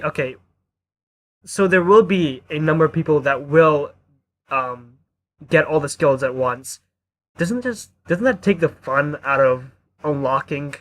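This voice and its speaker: A man's voice: on the high side, a bit bright. A man co-hosting a gaming podcast in casual chat, laid-back and hedging his points with fillers. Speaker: podcast co-host.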